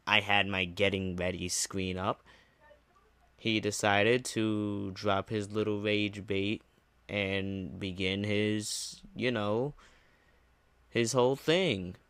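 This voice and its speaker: A man's voice: fairly low pitch, slow, fairly bright tone, smooth, no echo. A young man streamer telling a casual storytime, ranting with sarcastic, mocking retorts. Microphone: low-gain desk mic.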